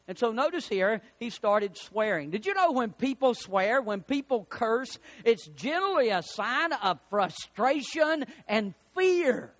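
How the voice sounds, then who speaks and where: A middle-aged man preaching, his voice sitting high and swinging widely in pitch. He tells folksy, homely stories between readings of scripture. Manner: animated preaching with folksy anecdotes. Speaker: pastor. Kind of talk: sermon.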